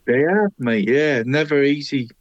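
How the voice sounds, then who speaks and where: A man's voice: medium pitch, animated, measured pace, no room sound, highs cut off. A man co-hosting a casual local football chat show, jovial and peppering nearly every sentence with "mate".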